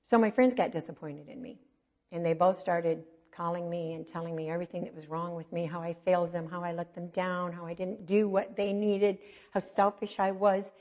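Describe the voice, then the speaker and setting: A middle-aged woman preaching, telling a personal testimony in an earnest storytelling way, swinging between soft and emphatic. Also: fairly low pitch, fairly even intonation, moderate pace.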